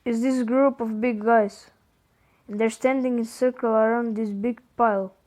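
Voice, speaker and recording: A man with a Croatian accent reading the texts of a frightened young woman lost in dark woods, in a panicky, breathless way. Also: very high-pitched, fairly even intonation, moderate pace. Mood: scared.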